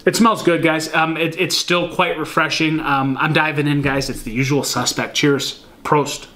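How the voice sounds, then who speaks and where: A man with a fairly high voice chats loosely through a beer review in his house. He rambles, leans on fillers and keeps calling his viewers guys. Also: steady tone, moderate pace, bright, forceful tone. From Michigan. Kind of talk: casual beer review vlog. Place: at home.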